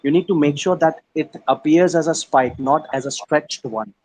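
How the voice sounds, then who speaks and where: At normal speed and with a fairly high, slightly mellow voice, a man with an Indian English accent leads an English practice lesson on a video call. He patiently splits words into syllables and drops in Hindi now and then. The audio is poor.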